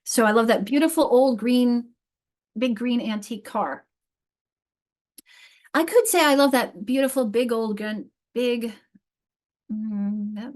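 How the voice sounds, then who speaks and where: A woman leading a teacher training on literacy, talking through grammar examples with many restarts and rhetorical tag questions. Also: on the high side. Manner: animated, many restarts and fillers. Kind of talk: live teacher training lecture.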